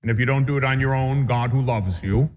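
A man's voice: mid-range voice, fairly quick. A man, a Catholic priest, teaching a catechism class in an earnest, emphatic way and repeating his key points. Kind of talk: religious lecture. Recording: dull lo-fi sound in a reverberant hall.

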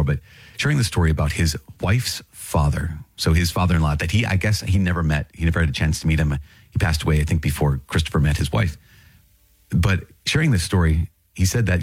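A man hosting a podcast who teaches on scripture with earnest, animated storytelling and brief laughs. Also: deep voice, slightly rough, no echo. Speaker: priest, podcast host.

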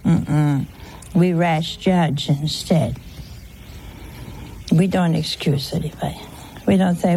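A woman's voice: lowish voice, slow pace, long pauses, mellow, slight background noise. A woman giving an informal sermon, teasing her listeners with rhetorical questions and humorous anecdotes. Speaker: religious teacher.

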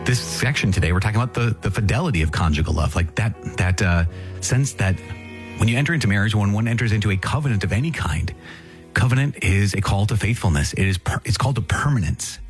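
A man's voice: lowish voice, expressive, faint music behind. A man who is a priest, hosting a catechism program in an eager, casual teaching style with many restarts and repetitions. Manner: enthusiastic, talks in quick restarts and repetitions. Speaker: priest and podcast host.

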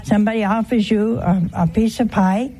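A woman's voice: mid-range voice, steady tone, normal speed, mellow, slight background noise, rough recording. A woman giving a homely, conversational sermon, teasing her listeners with rhetorical questions. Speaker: religious teacher.

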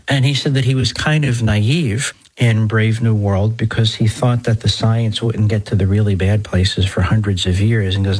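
Husky-voiced middle-aged priest. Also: male voice, on the low side, steady tone, unhurried, darkish tone, rough recording. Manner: conversational and digressive, with folksy exclamations. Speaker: Catholic priest and show host. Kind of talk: podcast talk.

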